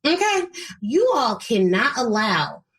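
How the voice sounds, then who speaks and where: An American woman hosts her own show and coaches speakers on business, addressing listeners head-on with emphatic, preachy conviction. Her fairly high voice swings widely in pitch as she presses each point home. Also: sing-song, slow pace, fairly bright tone. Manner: plays quoted voices in her retelling. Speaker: podcast host and speaking coach. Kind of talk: solo motivational business talk.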